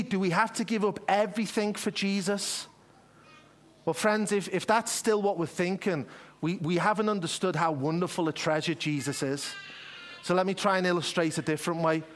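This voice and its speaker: An earnest man preaches a conversational sermon, addressing his listeners directly. His voice sits high for a man, and he often restarts his phrases mid-thought.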